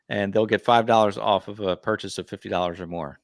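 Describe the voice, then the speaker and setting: A man's voice: fairly low pitch, fairly even intonation, fast, hardly any pauses, no echo, studio quality. A man hosting a gardening livestream, chatty and friendly, announcing giveaways and asking questions. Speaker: livestream host.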